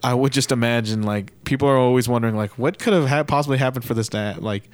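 A man co-hosting a podcast, chiming in about wrestling with quick excited asides. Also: mid-range voice, no echo. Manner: excitable, bursts in with thoughts. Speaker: podcast co-host. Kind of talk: casual wrestling talk.

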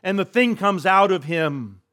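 A man preaching a sermon as pastor, retelling a scripture story vividly, swinging between hushed and emphatic delivery. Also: sits high, expressive, measured pace.

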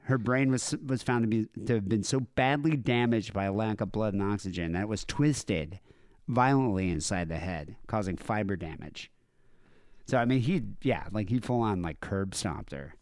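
Reading news stories aloud on a podcast he co-hosts, this man speaks at a moderate pace in a fairly low, slightly mellow voice with lively intonation. His storytelling is wry and relaxed, full of asides and fillers, and the studio recording is clean with no room sound.

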